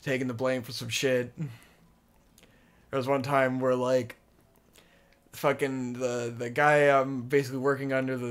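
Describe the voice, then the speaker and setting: A man's voice: medium pitch, fairly bright tone, smooth. A young man casually telling a long story on a podcast, rambling and swearing, with a lot of "like" fillers. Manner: rambling, profane, lots of "like" fillers. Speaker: podcast co-host.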